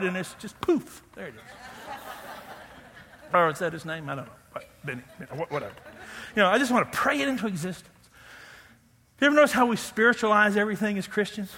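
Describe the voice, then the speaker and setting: A man preaching a sermon as pastor, animated, acting out loud pleading prayers and making joking asides. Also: high-pitched, fast talker, long reverb tail.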